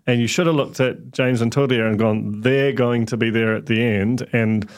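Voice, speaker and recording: A man's voice: medium pitch, fairly even intonation, moderate pace, clear, resonant tone. Kiwi guy rambling on a podcast, lots of restarts and ums. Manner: rambling, hesitant, many restarts. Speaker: podcast panelist. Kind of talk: casual chat.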